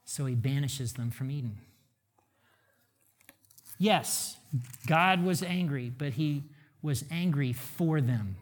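A man's voice: medium pitch, animated, slow pace, pauses often. A middle-aged man, a pastor and father, preaching a conversational sermon full of rhetorical questions.

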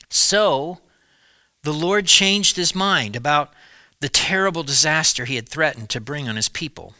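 A man preaching, retelling a Bible story in a lively storytelling way with small asides. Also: fairly high pitch, unhurried, dry recording.

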